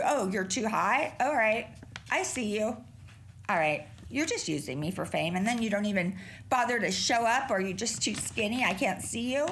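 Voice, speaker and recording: Lively, foul-mouthed middle-aged woman host. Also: medium pitch, normal speed, a little hiss or hum. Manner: profane, rambling and animated. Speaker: podcast host. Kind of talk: casual solo podcast chat.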